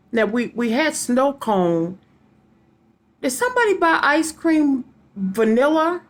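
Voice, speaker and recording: A woman giving a casual psychic reading to her viewers, rambling and repeating names and letters aloud as she goes. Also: on the high side. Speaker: psychic reader.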